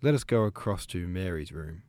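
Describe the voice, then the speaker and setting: A reserved young prince speaks quietly, courteous but weary, as a male reader gives him voice. The voice sits deep and low. The sound is dry and close. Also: lively intonation, moderate pace, no echo. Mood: restrained. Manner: quiet, restrained.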